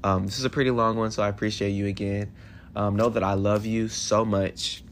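A man in his twenties hosting a solo podcast in a hotel room, talking in an emotional, affirming way with animated bursts. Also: on the low side, brisk, slight background noise. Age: 20s. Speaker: podcast host.

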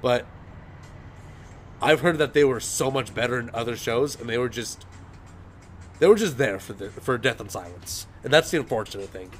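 A man's voice: mid-range voice, lively intonation, moderate pace, long pauses, a little hiss or hum. Young man rambling through a story. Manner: rambling storyteller, leans on "and everything". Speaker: podcast host. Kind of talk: casual chat.

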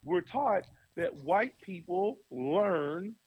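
A man who is a pastor, telling stories as an interview guest in an animated way, laughing often. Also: sits high, extremely slow, husky, no echo, phone-quality sound.

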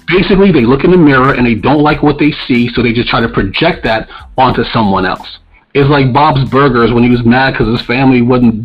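A man's voice: medium pitch, slightly rough. Guy on a podcast going off, swears a lot, blunt, mid voice, kinda dull lo-fi sound. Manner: blunt, profane, ranting. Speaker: podcast co-host. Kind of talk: casual opinionated podcast talk.

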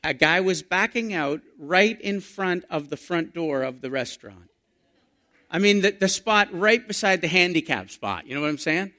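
Middle-aged man, pastor, animated storytelling sermon, bright tone. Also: high voice, moderate pace. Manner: storytelling, animated, rising to excited emphasis.

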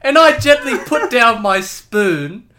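Theatrical podcast host with a lively voice. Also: male voice, very high voice, takes it slowly, noisy background. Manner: theatrical, building a mock-dramatic story. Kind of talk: casual chat with comic storytelling.

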